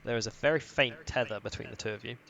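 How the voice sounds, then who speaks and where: A man's voice: mid-range voice, fast, gravelly, fairly bright tone, dull audio. A young man narrating as game master of a tabletop game, describing scenes hesitantly with many restarts.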